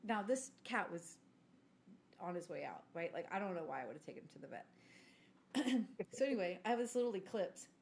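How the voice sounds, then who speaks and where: A woman's voice: mid-range voice, animated, moderate pace, a little hiss or hum. Chatty woman telling a story. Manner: chatty, self-mocking, clears throat often. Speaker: podcast co-host. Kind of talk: casual storytelling chat.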